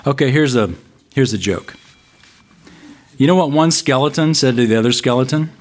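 A man preaching a sermon as a pastor, expressive, slowing down for emphatic scripture reading. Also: medium pitch.

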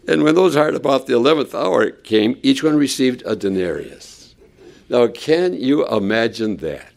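Gravelly, animated male preacher. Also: medium pitch, a little slow, pauses often. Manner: animated storytelling, acts out quotes. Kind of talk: sermon.

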